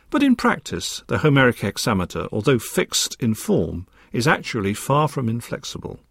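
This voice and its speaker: Lively, scholarly male lecturer. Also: mid-range voice, vocal fry, husky, no echo, studio quality. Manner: measured, precise and scholarly, with a lively rising and falling delivery. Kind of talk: recorded academic lecture.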